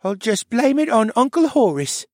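A man voicing a sleepwalking boy who speaks in a dreamy, murmuring monotone. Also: very high voice, moderate pace, no echo, studio quality, voice pushed up.

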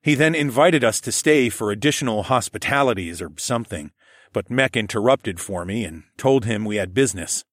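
Man, audiobook narrator, first-person fantasy romance, expressive, animated pitch, dry studio sound. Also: normal speed, dry recording.

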